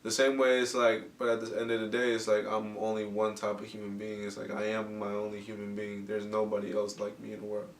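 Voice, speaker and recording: A man's voice: fairly low pitch, completely flat delivery, brisk, hardly any pauses, roomy sound, far from the mic. A man hosting a casual podcast talk, loose and repetitive, full of slang. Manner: laid-back, repeats himself, heavy slang. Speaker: podcast host. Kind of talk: casual chat.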